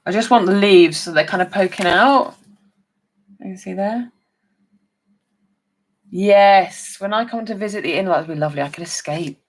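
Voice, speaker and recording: A woman's voice: mid-range voice, normal speed, pauses often. A woman demonstrating papercraft on a chatty live stream, talking to her viewers by name as she works. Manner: chatty, talks to viewers by name while working.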